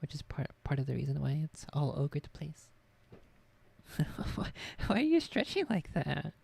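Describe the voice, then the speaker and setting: A woman's voice: low-pitched, very animated, moderate pace, gravelly, darkish tone, slightly rough. A woman streaming from her desk at home, chatting casually and rambling offhand. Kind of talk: casual live-stream chat.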